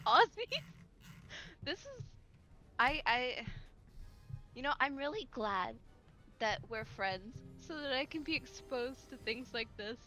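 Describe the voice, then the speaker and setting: A giggly woman chats through a game session, laughing often between remarks. Her voice is high and bright, with a crisp edge. Faint game music runs underneath. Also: expressive, slow pace, long pauses. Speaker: co-player. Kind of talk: casual gameplay chat.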